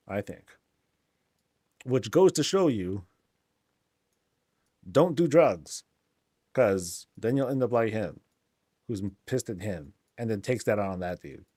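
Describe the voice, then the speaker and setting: A man's voice: fairly low pitch, animated, slow, long pauses, a little mellow, no echo, studio quality. A man hosting a casual game tour, laid-back and joking, with lots of slang. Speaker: game channel host.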